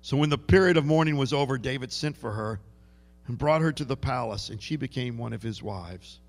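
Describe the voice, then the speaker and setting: A male preacher delivers a sermon in a loose, conversational way, stumbling and repeating words as he goes. His voice is gravelly, with plenty of vocal fry. It carries the long reverb of a large church hall. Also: mid-range voice, brisk.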